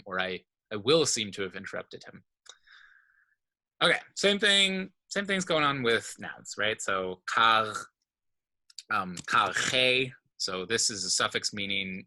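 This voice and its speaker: In an informal online class, a man with a fairly low pitch and sharp tone teaches a language lesson. He explains things step by step and often checks in with his students.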